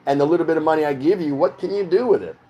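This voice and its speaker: This middle-aged American livestream host rambles casually from his home in the Philippines, reading out viewer comments and chatting back. His voice is a little high with a breathy edge, he talks at a racing clip, and the sound quality is lo-fi.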